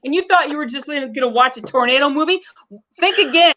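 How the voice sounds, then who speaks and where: A woman's voice: high voice, quick pace, pushed and bright. A woman co-hosting a casual podcast chat about a movie, talking in a chatty, enthusiastic, rambling way. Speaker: co-host.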